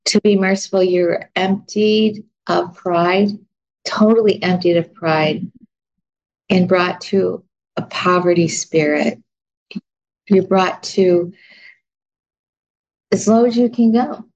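A woman's voice: on the low side, a little mellow. A woman teaching an informal Bible lesson, chatty and self-deprecating, leafing through her notes as she talks. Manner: chatty, laughs at herself, searches notes aloud. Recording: dull lo-fi recording.

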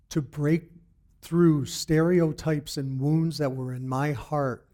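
A middle-aged man giving a personal faith testimony in an earnest, halting way, often restarting his sentences. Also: fairly high pitch, warm tone. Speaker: church member giving testimony.

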